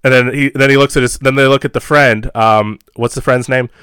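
A man talks casually on a podcast, rambling in a relaxed way and often chuckling. His voice is smooth and clear, with a dry, close recording and no room sound. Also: mid-range voice, a little fast, dry recording. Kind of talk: casual chat.

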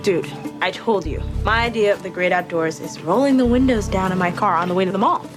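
Actress as a wisecracking teen best friend in a TV drama, music loud underneath. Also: female voice, mid-range voice, a little fast, natural voice. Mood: sarcastic. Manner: dry, sarcastic. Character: sarcastic teenage girl, the best friend. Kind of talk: TV drama dialogue. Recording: TV clip with loud music behind.

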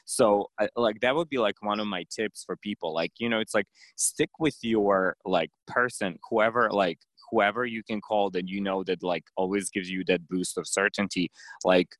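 Deep guy hosting a podcast, rambly and stuttery, dry sound. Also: moderate pace, a bit bright, no echo. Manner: rambling, lots of fillers and stutters. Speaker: podcast host. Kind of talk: casual chat.

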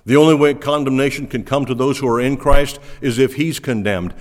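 A man's voice: medium pitch, brisk, long reverb tail. A man preaching a sermon as pastor, emphatic and earnest, repeating words as he drives home each point.

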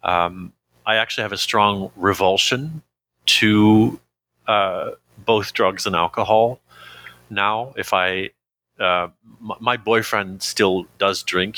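A man talking openly in a conversational interview, pausing often with fillers and breaking into laughs. His voice sits a little low and comes across bright and forceful. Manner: reflective, hesitant with frequent fillers, laughs easily. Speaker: interview guest.

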